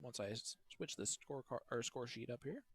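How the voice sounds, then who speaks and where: A man's voice: medium pitch, moderate pace, husky, no echo. Chatty joking male darts commentator. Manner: chatty, joking, teasing banter. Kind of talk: live play-by-play commentary.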